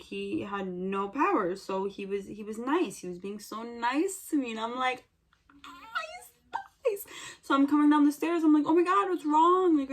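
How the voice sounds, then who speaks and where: A young woman vlogger chatting casually while doing her makeup, telling a story animatedly with sudden loud bursts. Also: mid-range voice. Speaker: beauty vlogger.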